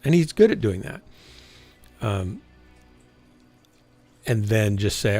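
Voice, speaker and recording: An older man in his sixties with a low, gravelly voice rambles frankly through a casual stream chat. He keeps correcting himself and trailing off, with faint game music behind. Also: big pitch swings, takes it slowly, long pauses, warm tone.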